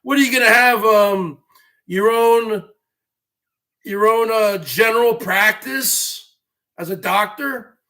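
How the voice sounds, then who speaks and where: A man hosting a livestream, ranting and mocking viewers, often breaking into shouts. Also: sits high, slow pace, pauses often. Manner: mocking, scolding, bursts into shouting. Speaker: livestream show host.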